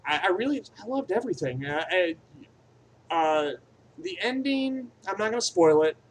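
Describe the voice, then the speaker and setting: A man's voice: high-pitched, lively intonation, moderate pace, low-quality recording. A man giving an off-the-cuff movie review, profane and rambling, swinging between enthusiastic bursts and mumbled asides. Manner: crude and profane, rambling aside-heavy delivery.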